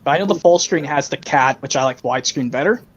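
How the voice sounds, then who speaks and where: A man hosting a casual online stream chat, talking haltingly with frequent restarts over a voice call. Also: mid-range voice, dull audio, slight background noise. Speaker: stream host.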